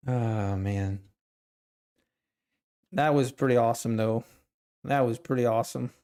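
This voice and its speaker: A man's voice: mid-range voice, dark tone. A man hosting a live trading stream, chatting casually with viewers and laughing often. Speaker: livestream trading host.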